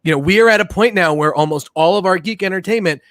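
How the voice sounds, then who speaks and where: A podcast co-host with a higher voice that is a bit bright chats quickly about pop culture in a casual, rambling way, with many fillers and restarts. The recording is dry.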